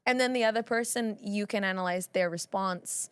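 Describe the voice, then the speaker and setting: A woman's voice: a little high, steady tone, fairly bright tone, no echo. Playful woman co-host, dry close sound. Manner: playful, jokey, quick to react. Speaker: podcast co-host. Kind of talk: casual chat.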